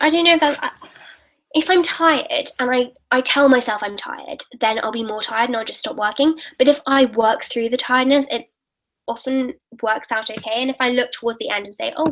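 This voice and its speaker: A woman's voice: a little high, brisk, fairly bright tone, rough recording. Chatty teenage girl on a live stream. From United Kingdom. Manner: chatty and upbeat, reading out comments then answering. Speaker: YouTuber answering live questions.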